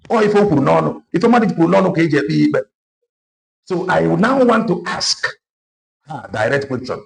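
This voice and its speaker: A man's voice: a little high, sing-song, moderate pace, vocal fry, long pauses. A man with a Nigerian Igbo accent giving an impassioned political monologue, moving between Igbo and English with emphatic repetition. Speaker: online political commentator.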